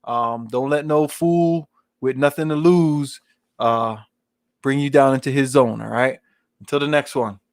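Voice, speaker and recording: A man's voice: mid-range voice, a little slow, dry recording, clean studio sound. A man in his forties hosting his channel, giving casual rambling advice in street slang and often asking "you know what I'm saying". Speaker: channel host.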